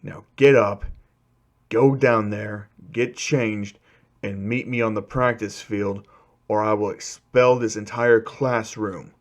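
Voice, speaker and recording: A man voicing a stern, gruff male homeroom teacher who barks blunt orders. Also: on the low side, steady tone, slow pace.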